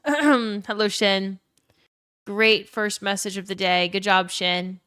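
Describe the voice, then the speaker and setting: A young woman talks quickly and loosely on her live stream, greeting chat by name and swearing freely. Her voice sits in a middle range, recorded close and dry at home. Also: mid-range voice, fairly even intonation, fairly bright tone, clean tone, dry recording. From Louisiana. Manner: fast-talking, swears freely, greets chatters. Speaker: livestreamer. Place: home room.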